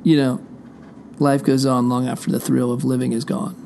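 A middle-aged man with a gravelly, fry-laced voice rambles through a casual monologue, swearing freely and drifting from one thought to the next. He speaks at an everyday pitch, straight to his listeners from a room indoors, with faint noise underneath. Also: little pitch movement, moderate pace, warm tone. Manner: profane, digressive, talks straight to listeners. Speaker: show host. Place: indoor room behind a closed door.

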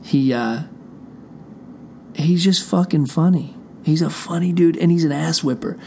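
Behind a closed door indoors, a middle-aged host rambles to his audience in a digressive monologue laced with profanity. His voice runs on the high side, gravelly and a bit mellow, at a measured pace, with some slight background noise.

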